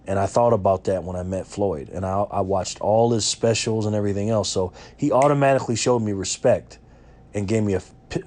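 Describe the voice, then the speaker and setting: A man's voice: on the low side, darkish tone. A man from New York, vlogging as he tells a chatty story with lots of fillers and restarts. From Rochester, New York. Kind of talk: casual storytelling.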